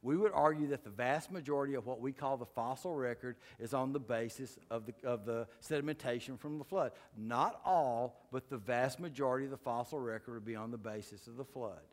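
A man's voice: mid-range voice, brisk, hardly any pauses. A man giving a folksy, joking lecture with slides to a live audience, delivering dry punchlines. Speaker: creation science speaker. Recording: long hall reverb.

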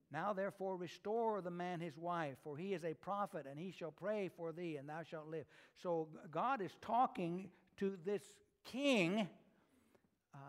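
Man, high-pitched, preacher, folksy sermon, animated storytelling. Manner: folksy, animated retelling with asides. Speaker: pastor.

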